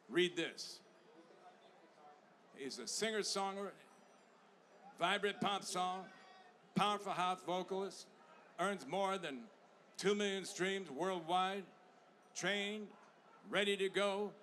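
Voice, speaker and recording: A man's voice: sits high, a bit bright, slight background noise. A man announcing a performer on stage with enthusiastic hype. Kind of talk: stage introduction.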